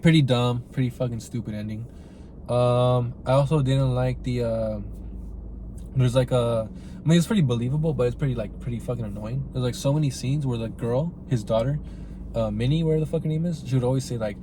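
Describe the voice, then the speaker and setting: Rambling, profane man with a mellow voice. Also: mid-range voice, brisk, a little hiss or hum. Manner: rambling and profane, heavy use of "like" and "right?". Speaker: podcast host reviewing a film. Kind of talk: casual spoken review.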